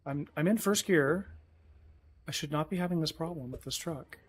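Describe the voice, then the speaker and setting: A man's voice: fairly high pitch, normal speed, breathy edge. A man streaming a truck game, chatting casually and rambling, often chiding himself as he plays. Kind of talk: casual live-stream commentary.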